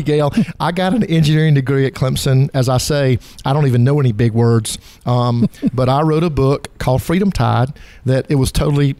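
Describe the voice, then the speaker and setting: A middle-aged man with a Southern drawl talks as a guest in a casual interview, folksy and self-deprecating. His voice is mellow and dark in tone. The recording is dry and close. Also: mid-range voice, no room sound. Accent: Southern American. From South Carolina. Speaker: guest author.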